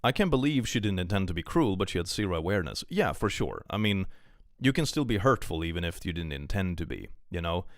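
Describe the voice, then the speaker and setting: Deep-voiced man ranting on stream. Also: big pitch swings, fast talker, no room sound, studio quality. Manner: reads posts aloud then rants about them, swears freely. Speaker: streamer reacting to online posts. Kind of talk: casual live-stream commentary.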